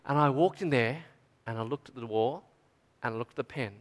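A middle-aged man with an Australian accent preaching a storytelling sermon to a youth event, chatty and animated, often checking in with "right?". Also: mid-range voice, brisk. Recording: long hall reverb.

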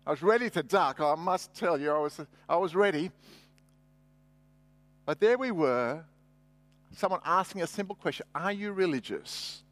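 A man's voice: on the high side, dry recording. A man preaching a sermon, conversational with humorous asides. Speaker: pastor.

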